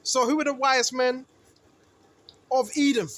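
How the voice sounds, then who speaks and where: A man with a very high voice preaches through scripture, firing rhetorical questions at his listeners. He keeps checking in with "right?" and climbs higher and louder when he hits a point hard. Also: steady tone, unhurried. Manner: rises in pitch and volume when emphatic. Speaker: street preacher. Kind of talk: bible teaching sermon.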